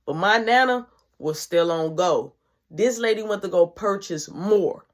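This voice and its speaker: A woman vlogger narrating a personal story in an animated way, swinging between loud and hushed. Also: mid-range voice, a little slow.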